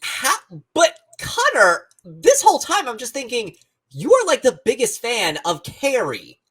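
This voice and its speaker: A man from Long Island, co-hosting a podcast in casual chat, reacting with exclamations and often trailing off quietly. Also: very high voice, wildly swooping pitch, unhurried, breathy edge. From Long Island, New York. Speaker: podcast co-host. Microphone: remote podcast call.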